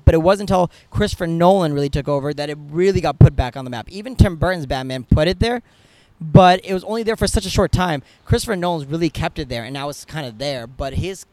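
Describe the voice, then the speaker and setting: A man tells stories on a podcast at a rapid clip, swearing freely and keeping the energy up. His voice sits a little high, and his delivery stays animated and casual. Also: no room sound. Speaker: podcast guest, comedian. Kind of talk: casual storytelling.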